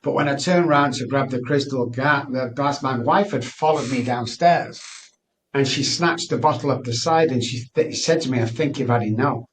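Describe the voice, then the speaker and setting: A man's voice: mid-range voice, moderate pace, far from the mic, slight background noise, low-quality recording. Candid middle-aged man. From Manchester, England. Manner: earnest, candid, frequent restarts. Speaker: guest. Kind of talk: personal storytelling interview.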